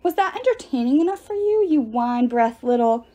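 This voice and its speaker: A woman's voice: high voice, sing-song, normal speed, dark tone, voice pushed up. A woman doing a snappy, defiant teenage hero. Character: defiant teenage boy hero, sharp-tongued.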